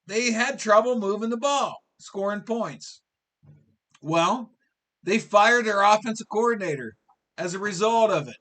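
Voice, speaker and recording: A man's voice: high voice, fairly bright tone. A man in his fifties hosting a live sports talk show, ranting in an exasperated way and repeating his questions. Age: 50s.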